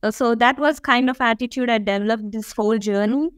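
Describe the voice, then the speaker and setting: A woman speaks as an interview guest, earnest and reflective, often leaning on small fillers. Her voice is fairly high and smooth. The recording is dry and close. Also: fairly quick, no echo. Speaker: guest, dental school applicant. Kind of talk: conversational interview.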